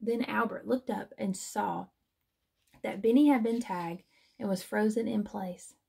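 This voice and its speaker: Slow, gravelly woman reading a storybook. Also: mid-range voice, steady tone, a little mellow. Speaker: teacher reading aloud.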